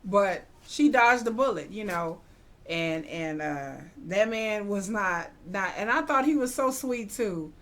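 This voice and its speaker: A young adult woman giving a casual, animated TV episode recap in slangy talk, acting out what the characters say. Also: mid-range voice, a little slow. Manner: animated, slangy retelling with acted-out quotes. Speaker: TV recap vlogger.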